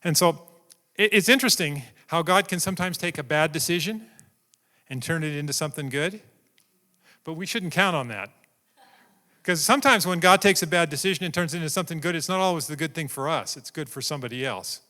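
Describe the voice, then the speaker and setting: Bright-voiced male preacher in a hall. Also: on the high side, fairly quick. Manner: animated storytelling, acting out scenes. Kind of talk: sermon. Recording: long reverb in a large hall.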